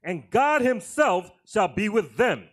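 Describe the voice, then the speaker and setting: A man reading scripture aloud in a church service, slow and measured. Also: high voice, big pitch swings, fairly bright tone.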